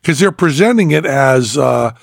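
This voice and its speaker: A man's voice: medium pitch, lively intonation, normal speed, creaky, no echo, clean studio sound. A man hosting a casual chat, telling rambling stories and acting out dialogue. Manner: rambling storyteller, acts out dialogue. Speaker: podcast host, magician.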